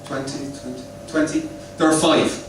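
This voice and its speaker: A stand-up comedian from the west of Ireland, speaking with an Irish accent, performs a chatty, rambling set in a comedy club and quizzes the crowd. His medium-pitched voice stays steady at normal speed over music, heard from far off in the echoey club.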